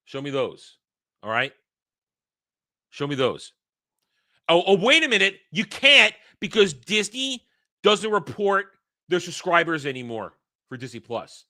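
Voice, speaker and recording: High-pitched and sing-song, a male host takes his time, pausing often, as he reads and angrily dismantles an article. His bright, forceful voice carries profane, repetitive rebuttals, all interrupted by hiccups.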